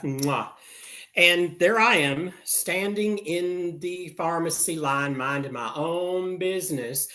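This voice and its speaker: A man's voice: fairly high pitch, a bit bright. An older man from Texas doing a campy, sassy stand-up set, punctuated with air kisses. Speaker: stand-up comedian.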